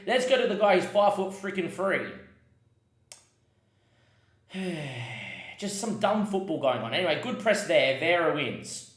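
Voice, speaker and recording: A man's voice: fairly low pitch, fairly bright tone, roomy sound. Frustrated man commenting on football game. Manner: swings between muttered asides and sudden frustrated outbursts. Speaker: gaming podcast host.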